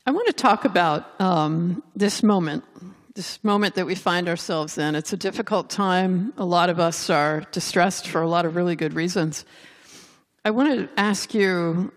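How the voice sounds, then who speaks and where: Measured, low-voiced woman interviewer. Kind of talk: public interview. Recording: long hall reverb.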